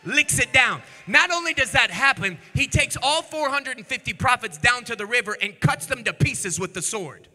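A man preaching with a high, very bright and cutting voice, animated and swinging from shouting peaks down to hushed, low storytelling. His sermon rings out in a church hall with a long, echoing reverb. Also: normal speed, few pauses. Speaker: pastor. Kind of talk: energetic sermon. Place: church sanctuary.

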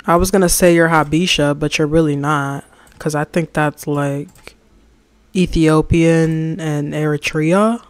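A livestreamer chatting casually while designing, slangy and animated, reading and answering the chat and ranting about opinions. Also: mid-range voice, measured pace, no room sound.

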